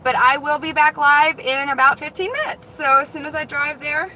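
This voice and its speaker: A high-pitched woman chats excitedly to her live-stream viewers as she goes from one parking lot to the next. Her talk is casual and quick to react. Loud car and street noise runs under her phone recording. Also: low-quality recording. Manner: chatty and excitable, talks to viewers. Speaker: vlog host, dumpster diver. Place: outdoors around store lots and in a car.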